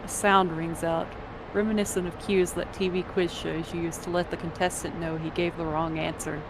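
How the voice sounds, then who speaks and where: A woman narrating a story in the second person, measured and descriptive. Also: fairly low pitch, little pitch movement, noisy background.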